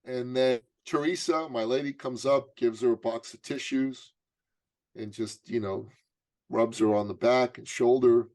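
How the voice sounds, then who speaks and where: A middle-aged man, a business coach interviewed as a guest, telling a story with animated, dramatic emphasis. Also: mid-range voice, a little slow, dry recording.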